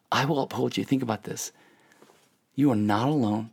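A man preaching in an earnest, encouraging way. His voice has a gravelly edge, and his pitch sits in an ordinary middle range. He often slows down and sinks into soft, hushed asides. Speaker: pastor. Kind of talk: devotional sermon podcast.

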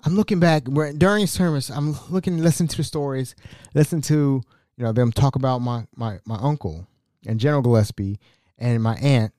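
A man's voice: mid-range voice, brisk, warm tone, dry recording, studio quality. A young man hosting a podcast, casually telling family stories with laughs and imitations of relatives. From Ohio. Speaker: podcast host. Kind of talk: casual storytelling monologue.

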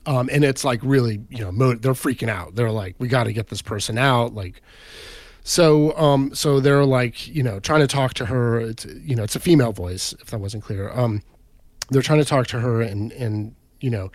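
A man's voice: medium pitch, a little mellow, dry recording. A man casually retelling a story on a podcast, rambling, with lots of "like" and "right?" fillers. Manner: rambling, filler-heavy, says "right?" and "like" often.

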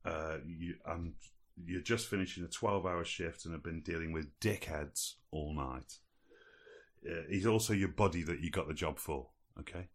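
A man's voice: low voice, moderate pace. A man casually setting up an improvisation scene, giving instructions. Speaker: host running improvisation. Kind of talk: casual chat.

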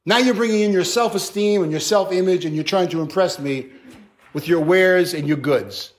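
A male pastor preaching a sermon in an animated, conversational way, with playful acted asides. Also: sits high, normal speed.

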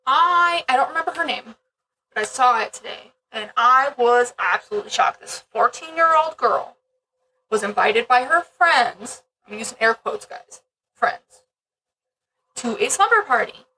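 Blunt, high-voiced woman co-host. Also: animated, moderate pace, pushed and bright, recorded from a distance, slight background noise, rough recording. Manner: blunt, swears freely, rambling asides. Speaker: podcast co-host. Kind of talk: casual chat.

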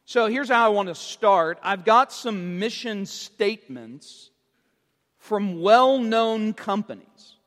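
High-voiced joking preacher in a reverberant hall. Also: male voice, animated, slow, fairly bright tone. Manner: teasing, joking with the congregation. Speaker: pastor. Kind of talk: sermon.

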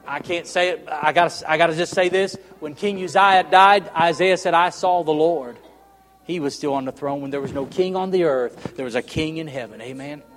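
A high-pitched middle-aged man preaches a revival sermon, his voice ringing out in a church sanctuary with a long, trailing reverb. He swings from loud, emphatic proclamation to hushed intensity. Between passages he jokes with the congregation and calls for amens. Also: normal speed.

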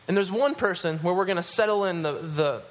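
A man preaching to his congregation, animated and rising at emphatic points, dropping low and quiet when he reads scripture. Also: fairly quick. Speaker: pastor. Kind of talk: sermon.

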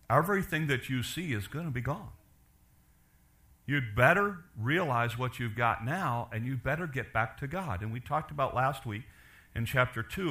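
A man's voice: mid-range voice, pushed and bright. A man pastor delivering a sermon, explaining scripture in earnest, pleading tones. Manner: earnest, pleading preaching with rising emphasis.

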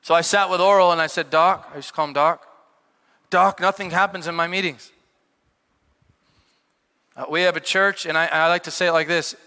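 A middle-aged male pastor preaching a sermon, telling stories with sudden shouted peaks and quieter asides. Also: a little high, normal speed, pauses often, clean tone. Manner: animated storytelling with shouted peaks and dropped asides. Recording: long hall reverb.

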